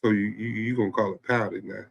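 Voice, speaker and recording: A man's voice: lowish voice, steady tone, fast, vocal fry, dull audio. A man co-hosting a casual relationship podcast, speaking emphatically and repeating himself to drive a point home. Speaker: podcast co-host.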